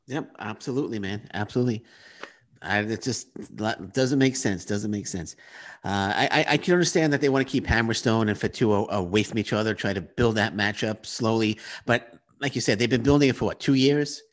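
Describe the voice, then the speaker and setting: A man from Queens co-hosts a casual wrestling talk show. He rants in an animated way. He often restarts his sentences. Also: on the low side, a little fast. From Queens, New York. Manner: animated, ranting, many restarts. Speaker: podcast co-host. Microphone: webcam.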